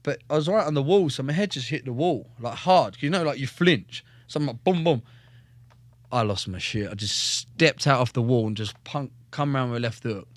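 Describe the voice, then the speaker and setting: A young man tells his stories in a blunt, animated way, swearing freely and voicing the people he quotes. His voice sits in a middle pitch. The sound is close and dry, with no room in it. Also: normal speed, no echo. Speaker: guest, former soldier and fighter. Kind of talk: casual storytelling with heavy swearing.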